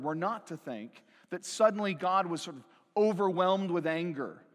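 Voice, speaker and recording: High-voiced preacher in a reverberant hall. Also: male voice, fairly bright tone. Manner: conversational preaching, frequent tag "right?"; slows and stresses key phrases. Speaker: pastor. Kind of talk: sermon.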